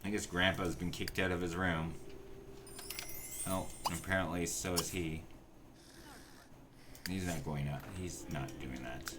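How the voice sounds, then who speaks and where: A man's voice: low-pitched, fairly even intonation, a little slow, long pauses, background noise. A man streaming a life-sim game, talking to the characters in casual commentary and getting exasperated and profane with them.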